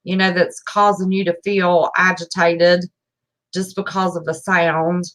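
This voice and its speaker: A woman's voice: on the low side, level tone, measured pace, fairly bright tone, poor audio. A woman co-hosting a casual show, folksy and chatty, speaking straight to listeners. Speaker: co-host. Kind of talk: casual talk-show chat.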